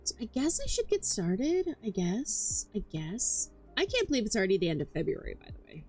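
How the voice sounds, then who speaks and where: A woman's voice: medium pitch, wildly swooping pitch, brisk, a little mellow, soft background music. A woman streaming, chatting casually and rambling, swearing often and tripping over her words, hyper but tired. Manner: rambling, swears a lot, stammers and repeats herself.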